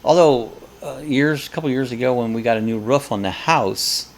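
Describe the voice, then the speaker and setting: A man's voice: medium pitch, normal speed. A man hosting a casual live chat, rambling and joking as he tells stories. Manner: rambling, jokey storyteller.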